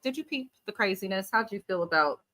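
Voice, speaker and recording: A woman hosting a casual live-stream recap of a reality show, talking in an animated, sassy way and reading out viewer comments. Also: medium pitch, quick pace.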